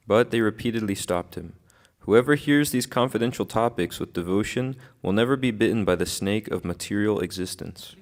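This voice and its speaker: A man's voice: fairly low pitch, big-room sound. A man taking his turn in a group reading, reading scripture aloud steadily.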